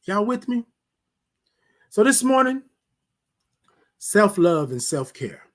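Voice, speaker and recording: A man hosting a morning show, giving a preacherly talk on self-care, repeating phrases and dropping his voice low on refrains, calling listeners "y'all". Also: very animated, slow pace. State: emotional. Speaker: host.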